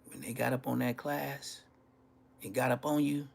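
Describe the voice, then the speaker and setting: A man telling profane, animated stories from his school days on a casual livestream, laughing as he goes. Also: medium pitch, normal speed, creaky. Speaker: livestream host. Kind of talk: casual storytelling.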